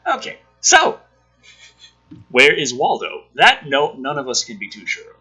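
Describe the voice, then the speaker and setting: A man's voice: medium pitch, huge pitch swings, measured pace, sharp tone, slightly rough, faint music behind, poor audio. A man hosting a casual livestream chat show from home, joking around and reading out viewer chat.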